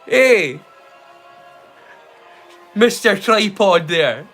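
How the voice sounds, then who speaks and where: A man's voice: sits high, lively intonation, extremely slow, fairly bright tone, soft background music. A man with a Scottish accent hosting a live watch-along stream, chatting casually and rambling playfully into silly rhymes and jokes. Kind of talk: casual livestream chat.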